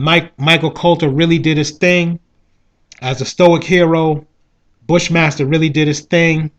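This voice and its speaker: A man's voice: a little high, fairly bright tone. A man giving a casual, rambling spoken review of a show, often asking "you know what I mean". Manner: rambling, with frequent 'you know what I mean'.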